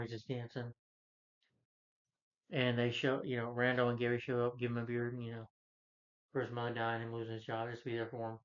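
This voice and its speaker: A man talks through a film's story in a loose, rambling way, piling on fillers and starting sentences over. His voice sits at a middling pitch. The recording sounds a little muffled and dull. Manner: rambling, filler-heavy retelling with frequent restarts. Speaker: film reviewer. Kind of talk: casual spoken film recap.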